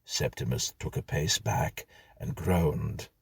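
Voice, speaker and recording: A man tells a whimsical tale in a slow, measured reading. His voice is deep and husky. The pitch moves a lot, and the sound is dry and close. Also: dry recording. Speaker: narrator. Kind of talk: scripted storytelling.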